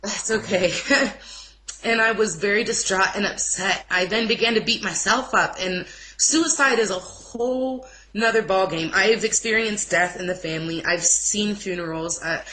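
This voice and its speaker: A young woman giving an emotional personal testimony in an informal interview, speaking haltingly with restarts. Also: mid-range voice, pushed and bright, slight background noise, low-quality recording. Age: young adult. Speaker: interview guest.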